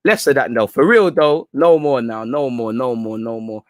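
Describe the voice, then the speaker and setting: A young man hosting a livestream, talking in animated, slangy casual banter. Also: mid-range voice, moderate pace, few pauses, no echo, studio quality. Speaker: fan channel livestream host.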